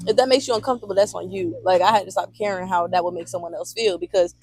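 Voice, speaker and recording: A woman hosting a casual podcast chat, blunt and expressive, swearing freely. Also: lowish voice, fast, slightly rough, no room sound. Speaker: podcast host.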